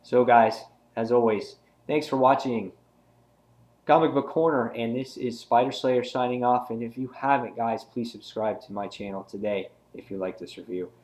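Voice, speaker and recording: A man talks through a comic book review in a casual, unscripted way at an ordinary mid pitch. He gets excited retelling scenes, stumbling and restarting his sentences. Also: moderate pace.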